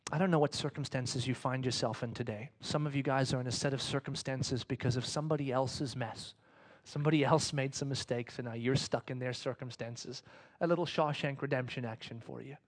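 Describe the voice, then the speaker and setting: A man preaching a sermon in a casual, chatty way, telling a story with sudden swings between loud excitement and hushed whispers. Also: medium pitch. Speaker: pastor.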